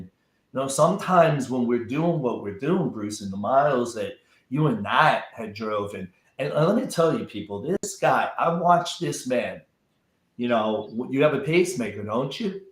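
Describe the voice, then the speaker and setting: A man's voice: medium pitch, animated, moderate pace, reverberant. A man talking as a guest in a casual chat, emphatic and often repeating words as he builds up a point.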